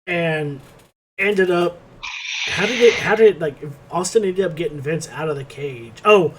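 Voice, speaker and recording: A man's voice: fairly high pitch, unhurried, noisy background. A man co-hosting a podcast, telling a rambling, profane play-by-play recap in casual chat. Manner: rambling play-by-play, swears freely. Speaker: podcast co-host.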